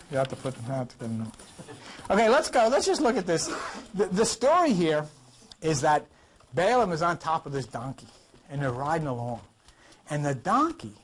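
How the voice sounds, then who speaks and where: A man's voice: on the high side, a little hiss or hum. A man teaching an informal Bible study class, emphatic and full of rhetorical questions, coughing now and then.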